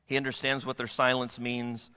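A man's voice: medium pitch, level tone, moderate pace, sharp tone, clear, resonant tone. A pastor preaching a sermon to his congregation, often asking them rhetorical questions. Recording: long hall reverb.

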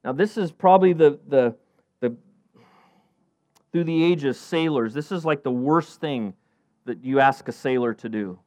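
A middle-aged man preaching a sermon as pastor, animated, acting out Bible characters in a raised voice. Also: measured pace, pauses often, no echo. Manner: animated, acts out Bible characters with rising pitch.

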